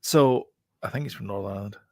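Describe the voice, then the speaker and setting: A man's voice: on the low side, quick pace, no room sound. A man co-hosting a casual film review chat, rambling with many fillers and restarts.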